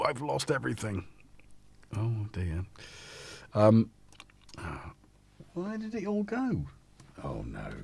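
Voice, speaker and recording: A man's voice: lowish voice, a little mellow, no room sound. A man with a northern English accent hosting a casual live stream, rambling, chatty and self-deprecating as he talks. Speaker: host.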